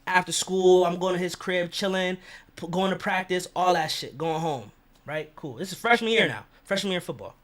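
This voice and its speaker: A young man with a fairly high voice tells a story from his own life to the camera. He talks in loose, profane slang and keeps slipping into the voices of the people he quotes. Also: normal speed, a bit bright. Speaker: vlogger.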